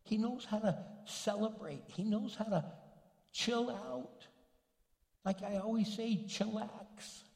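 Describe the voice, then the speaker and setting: A man's voice: high-pitched, slow pace, darkish tone. Older male pastor in an echoey hall. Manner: conversational, joking preaching. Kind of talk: sermon. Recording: echoey hall with long reverb.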